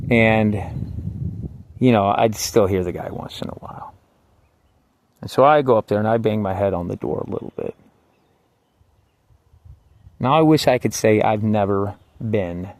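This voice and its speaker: A man's voice: on the low side, dry recording. A man casually recounting his own time in jail, rambling, profane and wry, with lots of filler words. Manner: rambling and profane, full of "like" and "you know"; wry, swings between quiet asides and heated outbursts. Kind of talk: casual spoken personal story.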